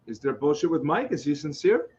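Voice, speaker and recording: A man's voice: a little high, very animated, fairly quick, darkish tone, lo-fi sound. A man co-hosting a live podcast chat who has a lingering seasonal cough and keeps pushing back in an argumentative way. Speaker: co-host.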